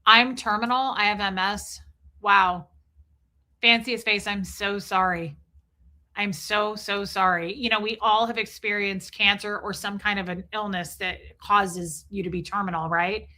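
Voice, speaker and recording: A woman's voice: medium pitch, steady tone, measured pace, bright, forceful tone. A middle-aged woman hosting a livestream, chatting in a rambling, emotional way and thanking viewers as she goes. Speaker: livestream host. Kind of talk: casual livestream chat.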